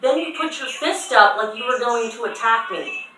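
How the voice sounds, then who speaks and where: A woman's voice: on the high side, animated, normal speed. A young woman arguing with her mother on the phone, pleading and tearful as she tries to explain herself. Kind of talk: emotional phone argument. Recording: echoey room, voice from far off, faint noise.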